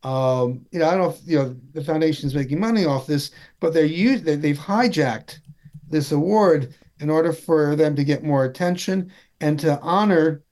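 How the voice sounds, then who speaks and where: A man talking politics in a casual chat, wry and halting, with many restarts. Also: a little high, darkish tone.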